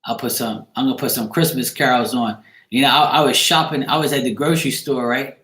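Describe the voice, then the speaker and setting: A man's voice: mid-range voice, steady tone, a little fast, a bit bright. Joking, rambling man in echoey room. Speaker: card reader and channel host. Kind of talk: casual livestream chat.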